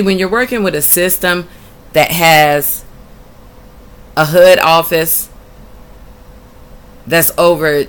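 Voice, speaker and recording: A woman's voice: sits low, slight background noise. A woman reading out documents from her own case and answering them bluntly and indignantly. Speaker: tenant telling her own housing case. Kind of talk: reading documents aloud and reacting.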